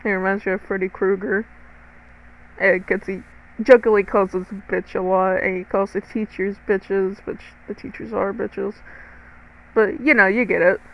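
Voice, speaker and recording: A woman's voice: medium pitch, fairly even intonation, normal speed, gravelly, muffled recording. A teenage girl narrating a storytime to viewers, chatty and dramatic, swearing freely and talking straight to the audience. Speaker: storytime vlogger.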